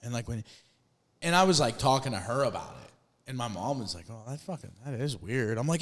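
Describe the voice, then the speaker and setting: A man's voice: mid-range voice, expressive, brisk. A man in casual podcast talk, telling stories with slang and heavy swearing. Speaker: podcast co-host. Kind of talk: casual chat. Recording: long hall reverb.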